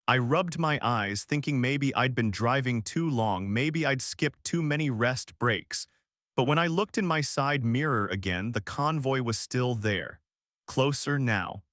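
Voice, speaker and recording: A male narrator reads a first-person horror tale in an unhurried, deliberate voice of middling pitch. The recording is dry and close, with no room sound around him. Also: fairly bright tone, no echo. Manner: slow, measured storytelling delivery. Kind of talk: scripted horror story narration.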